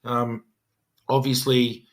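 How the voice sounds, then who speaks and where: A man's voice: medium pitch, little pitch movement, slow. A middle-aged Australian police detective sergeant telling an emphatic, earnest story on a podcast, often acting out his own words.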